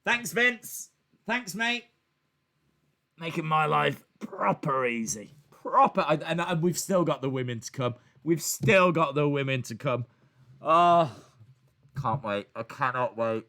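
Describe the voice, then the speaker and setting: A young man hosting a live wrestling watch-along stream, chatting in a jokey, animated way and acting out little scenes with sudden shouted bits. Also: on the high side.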